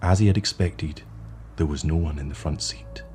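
Deep-voiced man narrating a story. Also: mellow, faint music behind. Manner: measured, atmospheric storytelling. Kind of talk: short story reading.

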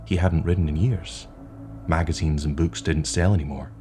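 Male narrator, deep and dark-toned, measured storytelling. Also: fairly even intonation, soft background music. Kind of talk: short story reading.

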